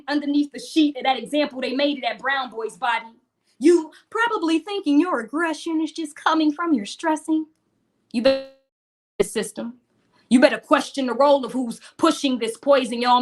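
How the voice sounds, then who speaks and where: A woman with a high voice performs spoken word poetry. Her delivery is rhythmic and rhyming, laced with blunt profanity. She talks straight at her listeners like a preacher. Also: a bit bright. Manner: preacherly, addressing the crowd directly.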